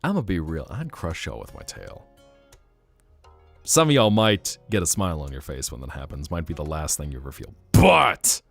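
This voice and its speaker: A man's voice: a bass voice, huge pitch swings, moderate pace, creaky. A man streaming live, chatting casually and playfully teasing his viewers as he reacts to chat. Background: faint guitar music.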